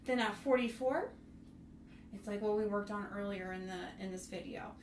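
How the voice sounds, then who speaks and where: Speaking at normal speed in a mid-range voice, a woman bassoon teacher encourages young students as she teaches them a piece, singing the rhythms on syllables to demonstrate. The tutorial was recorded in a roomy space with a distant mic and faint noise.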